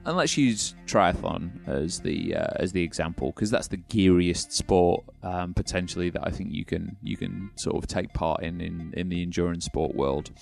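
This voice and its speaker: Gravelly deep-voiced man in casual chat. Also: normal speed, hardly any pauses, faint music behind. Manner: sarcastic, rambling with many restarts. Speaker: podcast co-host.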